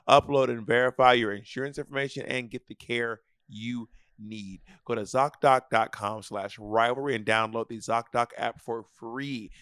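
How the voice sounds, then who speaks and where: Podcast co-host, 30s male: gravelly, jokey, loose ad-read delivery. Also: mid-range voice, fairly bright tone, no echo, studio quality. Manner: playful, jokey asides. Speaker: podcast co-host reading ads. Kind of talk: casual ad read.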